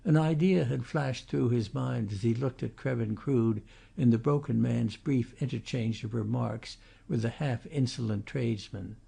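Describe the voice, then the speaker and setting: A man reads a classic novel aloud in steady, measured narration. His voice is dark and heavily gravelly, with a husky edge. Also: medium pitch. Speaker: audiobook narrator. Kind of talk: scripted narration.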